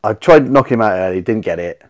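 A man, a podcast guest telling animated stories in casual chat, swearing freely and acting out his own reactions. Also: fairly low pitch, fast.

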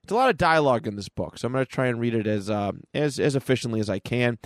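A man's voice: medium pitch, lively intonation, quick pace, no room sound. A man co-hosting a podcast, recapping a comic book in a casual, rambling way on a close mic. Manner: casual, with frequent fillers and restarts. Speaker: podcast co-host.

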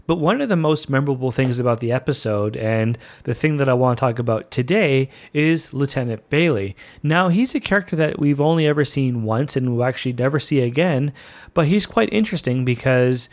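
A man hosting a fan podcast, talking in a chatty, excitable and playful way about a show he loves. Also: mid-range voice, a little fast. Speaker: podcast host. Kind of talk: enthusiastic fan podcast monologue.

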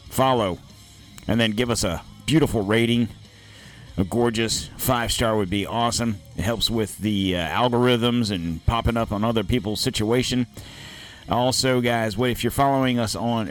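A man hosting a podcast in a casual, rambling way, chatting to listeners from his studio on a studio microphone. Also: fairly low pitch. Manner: laid-back, rambling, keeps saying "guys". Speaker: podcast host.

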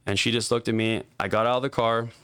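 Young man, lowish smooth voice, dry close mic; casual profane storyteller, filler-heavy. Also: flat delivery, quick pace, a bit bright, no room sound. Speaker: guest telling a story.

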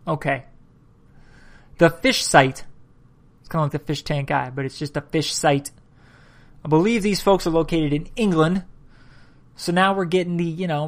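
A tired man hosts a casual solo podcast, reading sources aloud between yawns. He trips over words and stops to comment on what he reads. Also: on the high side. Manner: reads aloud haltingly, stumbles and comments as he goes. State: tired, yawning. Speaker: podcast host.

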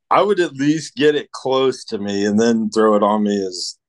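A man's voice: fairly low pitch, unhurried. A man telling a story with his hunting buddies in casual chat, rambling with lots of restarts. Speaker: hunting buddy.

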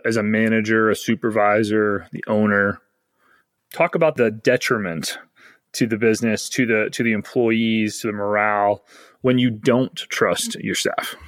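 A man's voice: fairly low pitch, fairly bright tone, dry recording, clean studio sound. A man hosting a podcast, talking casually with many fillers. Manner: rambling, filler-heavy interviewing. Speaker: podcast host.

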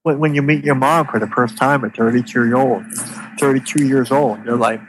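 A man recounts a deeply personal story in an interview, his voice mid-pitched and on the edge of tears. He halts often, repeating words as he searches for what to say. The recording carries a steady background hiss. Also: a little fast, rough recording. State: tearful.

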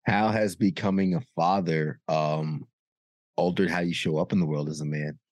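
Deep-voiced male podcast host. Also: steady tone, normal speed, a little mellow, no echo. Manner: affirming, thoughtful questioner. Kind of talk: casual interview talk.

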